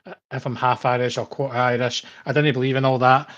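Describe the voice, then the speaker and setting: A man's voice: medium pitch, level tone, fast, a bit bright, dull audio. A man hosting a podcast in casual chat, rambling and laughing often. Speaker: podcast host.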